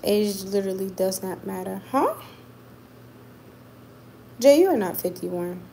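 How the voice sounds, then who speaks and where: A woman's voice: mid-range voice, animated, takes it slowly, vocal fry, dark tone, slight background noise, rough recording. A woman boxer chatting casually with her viewers, emphatic and repeating points for stress. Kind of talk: casual livestream chat with viewers.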